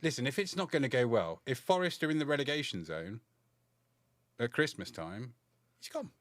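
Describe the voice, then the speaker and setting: Man, football podcast co-host, measured and blunt, dry close sound. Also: mid-range voice, big pitch swings, fairly bright tone, dry recording. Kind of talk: casual football chat.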